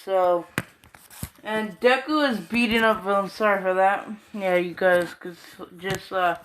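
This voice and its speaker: Slow-talking tired woman rambling. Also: mid-range voice, steady tone, fairly bright tone, a little hiss or hum. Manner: slow, rambling, slangy, swears often. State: tired late at night. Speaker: fan storyteller. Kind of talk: casual rambling fan retelling.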